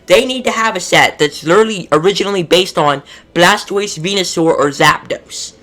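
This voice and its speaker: Male vlogger, fairly high, bright edgy voice, exasperated ranting delivery. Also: moderate pace. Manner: frustrated, exasperated, profane. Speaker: collectibles YouTuber. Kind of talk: casual ranting commentary.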